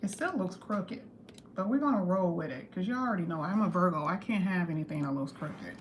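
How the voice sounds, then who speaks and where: A woman giving a casual tarot reading to camera, chatty and lively, talking straight to her viewers and slowing down to stress key phrases. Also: fairly low pitch, slight background noise. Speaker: tarot reader.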